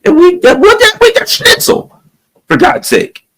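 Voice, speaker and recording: A man voicing a mocking caricature of a German everyman in an exaggerated, shrill, comic tone. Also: sing-song, unhurried, fairly bright tone, exaggerated voice.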